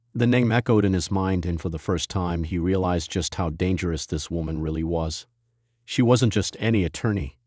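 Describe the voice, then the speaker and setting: Deep-voiced man narrating a drama. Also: husky, dry recording, studio quality. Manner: steady, dramatic storytelling. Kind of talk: scripted dramatic story narration.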